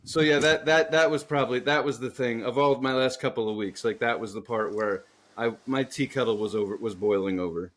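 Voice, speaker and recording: A man's voice: medium pitch, fairly quick, fairly bright tone. A man co-hosting a podcast, telling a long story in casual, profane chat and often breaking into laughter. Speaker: podcast co-host.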